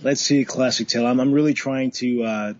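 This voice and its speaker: A man, a bartender, casually telling a work story, animated, swearing and acting out what people said, with laughs. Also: medium pitch, brisk, muffled recording. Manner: animated, swearing, laughs often, acts out quotes.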